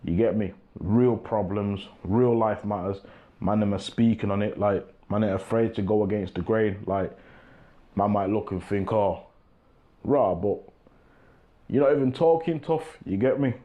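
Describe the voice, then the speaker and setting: Over phone-quality sound, a young man from England speaks at a measured pace in a fairly low voice, hosting his own show with a laid-back monologue to camera. "You get me" comes up often.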